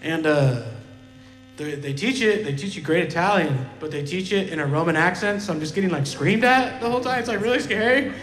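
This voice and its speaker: A man's voice: sits high, animated, brisk, a bit bright. A man doing casual, profane, rambling stand-up banter on a live stage. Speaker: stand-up comedian and musician. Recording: live hall echo, music behind.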